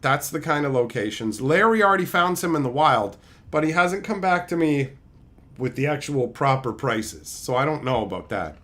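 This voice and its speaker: A man's voice: medium pitch, big pitch swings, moderate pace, a bit bright. A man streaming as he opens card packs, heatedly ranting and swearing as he tells a story in casual chat.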